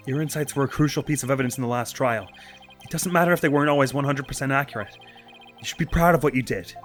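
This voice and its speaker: A man voicing a calm, level-headed adult defense lawyer in a game let's play, with a measured, reassuring tone. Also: medium pitch, soft background music, natural voice. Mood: earnest.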